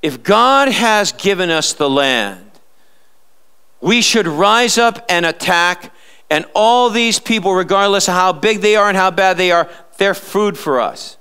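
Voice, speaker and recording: High, bright-voiced male pastor preaching. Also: expressive, a little slow, clean tone. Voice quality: emphatic, with sarcastic rhetorical questions. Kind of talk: live sermon. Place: church.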